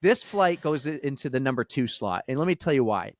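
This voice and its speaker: In a casual podcast conversation, a male co-host spins a lengthy, animated story, voicing each of the people in it. His voice is medium-pitched and fairly quick, recorded at studio quality with no echo.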